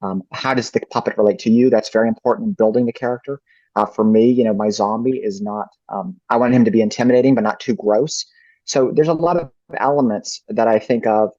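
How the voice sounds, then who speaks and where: Male ventriloquist guest, lowish voice, thoughtful, in a dry, muffled recording. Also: fairly quick, a little mellow, no echo. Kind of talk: casual interview answers.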